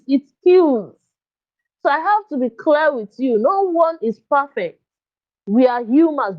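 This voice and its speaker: A woman coaching parents in a live online workshop, speaking earnestly and coaxingly and checking often that listeners follow her. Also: high voice. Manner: earnest, coaxing, often asks "you understand?". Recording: dull lo-fi dry sound.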